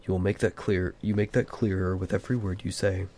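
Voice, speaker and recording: Man doing a grave old wizard, measured and stern, dark gravelly tone, storybook reading. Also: fairly low pitch, a little hiss or hum. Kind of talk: amateur audiobook reading.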